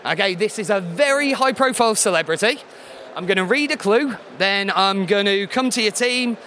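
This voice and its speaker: Man, quiz host, sarcastic, teasing, slightly hoarse, high-pitched, noisy live recording. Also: normal speed. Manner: deadpan sarcasm, teasing the audience. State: slightly hoarse, losing his voice. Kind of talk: sarcastic comedic quiz hosting. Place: live show with an audience.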